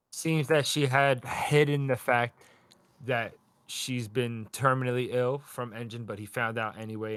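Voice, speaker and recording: A man's voice: mid-range voice, no room sound. A man co-hosting a podcast, casually recapping a manga chapter and acting out the characters' lines with lots of swearing. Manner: animated, swearing, acting out characters in quick voices. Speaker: podcast co-host.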